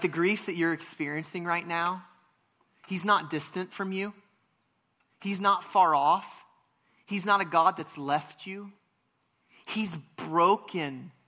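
A man's voice: on the high side, steady tone, measured pace, pauses often, pushed and bright. A man preaching a sermon, reading scripture and speaking earnestly, with frequent restarts and passionate rises. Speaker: pastor.

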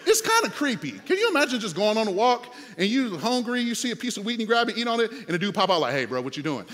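A man preaching a sermon as pastor, animated, with playful asides and rising to shouts. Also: very high-pitched, fast talker, big-room sound.

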